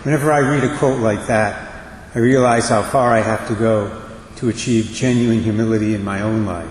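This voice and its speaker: Earnest priest preaching in an echoing church. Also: male voice, on the low side, fairly even intonation, slight background noise. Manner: measured, earnest preaching with slow emphatic phrases. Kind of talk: homily. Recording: echoey church with long reverb.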